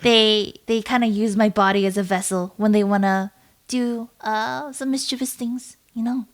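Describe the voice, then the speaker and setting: A woman's voice: on the high side, steady tone, normal speed. A woman guest, a VTuber, chatting playfully in an interview and laughing often. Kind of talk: casual interview chat.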